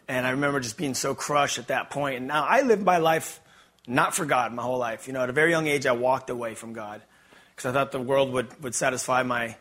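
A man's voice: mid-range voice, brisk, a bit bright. A man from Los Angeles, giving a rambling, candid personal testimony to an audience. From Los Angeles, USA. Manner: rambling and candid, many fillers and restarts.

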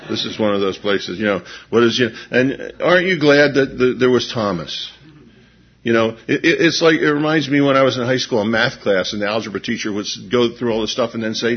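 A man in his fifties preaching a sermon, moving between hushed, intense passages and lively storytelling. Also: medium pitch, a little fast, slightly rough, muffled recording. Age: 50s. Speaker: pastor.

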